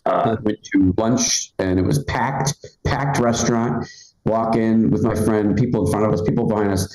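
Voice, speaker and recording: A man's voice: fairly low pitch, steady tone, normal speed, darkish tone, roomy sound, poor audio. A man in his forties doing a live stand-up set, chatty and rambling, full of fillers and restarts. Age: 40s. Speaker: stand-up comedian. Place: comedy club stage.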